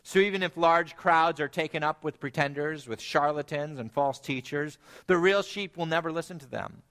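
A man preaching a sermon, earnest, climbing to emphatic peaks and then dropping low and quiet. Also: moderate pace.

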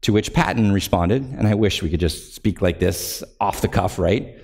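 This is an earnest sermon from a male pastor with a somewhat dark tone. Scripture readings lift him into fervent emphasis, while his phrases settle slowly into a low close.

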